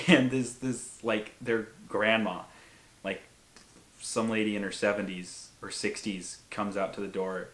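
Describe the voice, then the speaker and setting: A man's voice: fairly low pitch, flat delivery, measured pace, a bit bright, reverberant. A young man in his twenties casually telling a long story, rambling with many fillers and an amused tone. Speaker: WWI living historian and video host.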